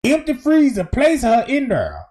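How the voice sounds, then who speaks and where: Animated slangy male streamer. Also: very high voice, moderate pace, background noise. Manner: emphatic, slangy, exclaims and interrupts the clip. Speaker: stream host reacting to a clip. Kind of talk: animated livestream commentary.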